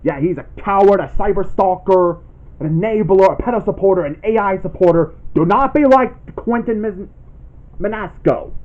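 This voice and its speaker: High-pitched indignant man on lo-fi audio. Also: moderate pace. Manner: indignant, accusatory, repetitive. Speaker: channel host making a callout video. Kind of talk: ranting callout vlog, reading posts aloud. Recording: dull lo-fi sound.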